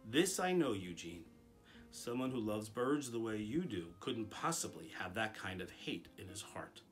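A man reading aloud, voicing a gentle, wise school principal who speaks quietly and kindly. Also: fairly low pitch, very animated, measured pace, soft background music. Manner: quiet, gentle and warm-hearted.

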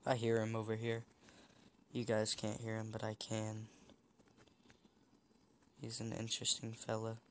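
A man's voice: lowish voice, monotone, measured pace, long pauses, slight background noise. A young man giving casual, chatty commentary while playing a shooter game, teasing the other players. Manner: chatty, teasing opponents, frequent restarts. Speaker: gameplay streamer.

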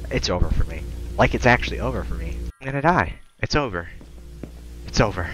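A man giving crude, profane let's-play commentary on a horror game, joking and yelling when scared. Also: fairly low pitch, expressive, brisk, noisy background. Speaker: gamer playing a horror game.

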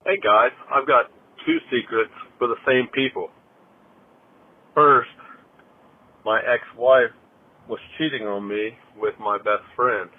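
A man's voice: medium pitch, fairly even intonation, takes it slowly, long pauses, breathy edge, phone-quality sound. Crude Southern man leaving a voicemail. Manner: crude, boastful. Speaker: caller. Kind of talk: voicemail confession.

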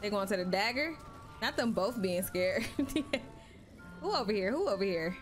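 A woman streaming live gameplay, with loud, excitable banter full of swearing. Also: mid-range voice, a little slow, soft background music.

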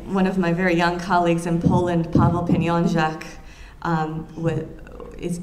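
A woman historian lecturing to an audience, her voice sitting fairly low and climbing as the stories grow animated. She talks in quick bursts with many ums and restarts, like someone thinking aloud, and a faint hiss sits under the recording. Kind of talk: public lecture with anecdotes.

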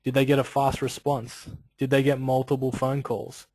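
A man talking through a business webinar in an easygoing, chatty style, often slipping in little filler asides. His voice sits at an ordinary middle pitch. The sound is dry and close, with no room around it. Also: level tone, moderate pace, a little mellow, no echo, low-quality recording. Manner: conversational, loose, peppered with "you know" and "like". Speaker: webinar presenter. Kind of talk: casual instructional webinar talk.

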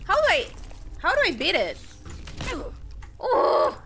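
A young woman commenting on her gameplay, excitable and quick to exclaim and burst out laughing. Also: extremely high pitch, slight background noise. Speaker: streamer playing a video game.

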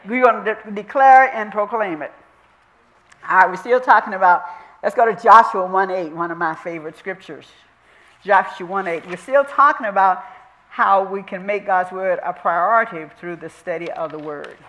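A woman minister teaches scripture in church, with a light lilt. She drawls each verse slowly and presses every point home through repetition. Her voice sits in an ordinary middle register for a woman. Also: mid-range voice, a bit bright, low-quality recording. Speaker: minister teaching Bible study. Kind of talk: sermon-style Bible teaching.

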